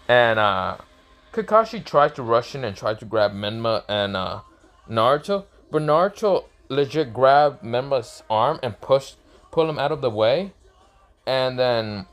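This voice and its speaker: A young man with a mid-range voice casually retells a fan-made story, rambling with fillers and restarts and jumping into excited quoted lines.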